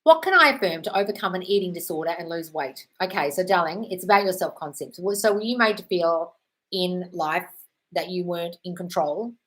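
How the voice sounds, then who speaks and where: A woman's voice: on the low side, fairly quick, poor audio. A woman hosting a live question-and-answer stream, giving frank, direct advice, swearing freely and calling viewers darling.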